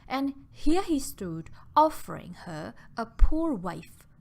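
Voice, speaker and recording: A woman narrates an audiobook in a soft, unhurried way, often dropping near a whisper. Her voice sits fairly high and moves in a lively, expressive melody while she takes her time. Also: gravelly, a little hiss or hum.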